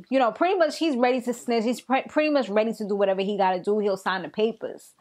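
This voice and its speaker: Young woman, fairly high voice, casual TV recap, animated, slangy. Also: quick pace, hardly any pauses. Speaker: TV recap vlogger.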